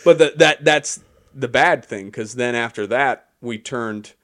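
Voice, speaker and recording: A man's voice: medium pitch, a little slow, fairly bright tone. A young man co-hosting a podcast, chatting in a rambling, easygoing way with restarts. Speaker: podcast co-host. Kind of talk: casual chat.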